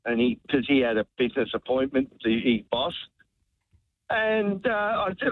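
An Australian man phones in to a talkback radio show with an emotional call, telling a heartfelt story in a rambling way and repeating words. His mid-range voice has lively intonation and a normal speed, heard over a tinny, dry telephone line.

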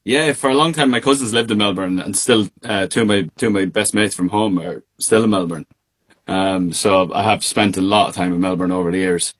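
A man with an Irish accent, a singer being interviewed over a remote call, relaxed and laughing easily with plenty of fillers. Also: low voice, fairly quick. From Ireland. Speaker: guest singer. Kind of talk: casual interview chat.

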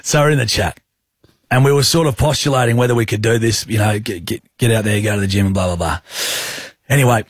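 Husky Australian man hosting radio. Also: fairly low pitch, fast talker, no echo, studio quality. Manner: jokey, teasing, laughs often. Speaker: radio host. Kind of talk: casual banter on breakfast radio. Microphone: studio microphone.

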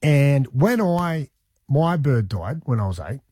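A man's voice: mid-range voice, slow, breathy edge, dry recording. Man telling a story on radio. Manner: animated, conversational, says "man" and "mate" often. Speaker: radio host.

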